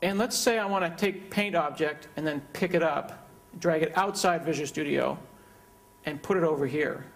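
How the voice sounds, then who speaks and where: A man delivering a conference keynote with a live software demo, talking in a loose, joking, conversational way. His voice sits a little on the higher side for a man. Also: normal speed, vocal fry. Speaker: keynote speaker.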